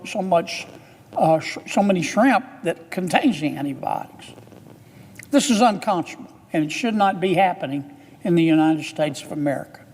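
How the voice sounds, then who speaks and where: A man with a Southern US accent speaking earnestly and haltingly in a formal address, stopping often on "uh". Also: a little high, a little mellow, in a large hall. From Louisiana. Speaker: public speaker in an archive clip.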